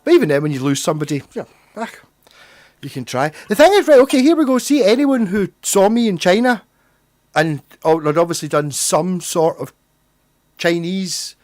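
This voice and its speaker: A young man with a broad Glaswegian accent rambles through a casual livestream chat, swearing freely as he goes. His voice sits a little higher than most men's. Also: expressive, moderate pace, darkish tone. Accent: Glaswegian Scottish. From Scotland. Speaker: livestream host.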